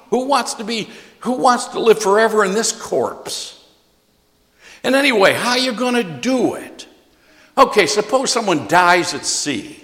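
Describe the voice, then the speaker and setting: Emphatic male preacher in a reverberant hall. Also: on the high side. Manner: emphatic, folksy, shifts from loud to soft. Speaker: pastor. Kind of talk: sermon.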